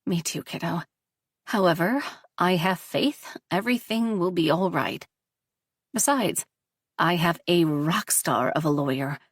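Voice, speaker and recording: A woman reading the lines of a loving, steady mother in a storybook, with a gentle, reassuring manner. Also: fairly low pitch, unhurried, slightly rough, no echo, studio quality. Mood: brave.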